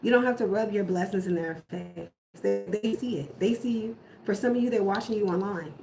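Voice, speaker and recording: A woman's voice: medium pitch, a little fast, vocal fry, dark tone, faint music behind. A woman giving a casual tarot reading, repeating firm, emphatic warnings. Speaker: tarot reader. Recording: echoey room, faint background noise.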